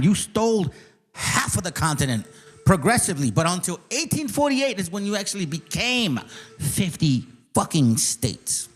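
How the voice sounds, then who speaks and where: A man hosting his own channel, ranting in casual commentary, profane and mocking, sometimes reading a document aloud slowly. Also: sits high. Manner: reads aloud slowly, then speeds up. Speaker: channel host.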